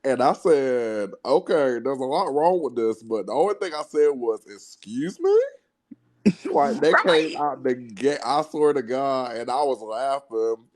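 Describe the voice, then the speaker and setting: A man's voice: medium pitch, moderate pace, few pauses. A sick man joining a live stream as a guest, telling a funny anecdote and laughing through it. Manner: animated storyteller who laughs through his own anecdotes. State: sick, clearing his throat. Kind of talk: casual storytelling chat.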